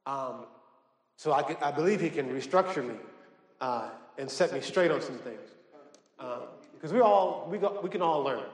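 Male pastor, high and very lively voice, slow emphatic scripture reading, booming church reverb. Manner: reads scripture slowly and emphatically, rising in pitch; directs the congregation to underline words. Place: church sanctuary. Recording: echoey church hall.

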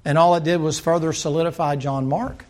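A man preaching a sermon, dropping into low asides and rising into loud, emphatic runs. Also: steady tone. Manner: acts out dialogue in quick playful voices. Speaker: pastor.

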